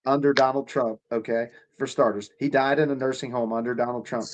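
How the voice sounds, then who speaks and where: A man's voice: mid-range voice, fairly even intonation, brisk, a loud crowd. A man arguing casually and with frustration, swearing and calling the other speaker bro. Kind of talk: casual heated argument.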